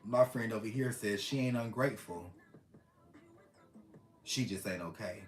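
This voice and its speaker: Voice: mid-range voice, a little slow, faint music behind. A tarot reader giving a casual reading to camera, earnest and affectionate, often repeating phrases to the listeners. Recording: roomy echo.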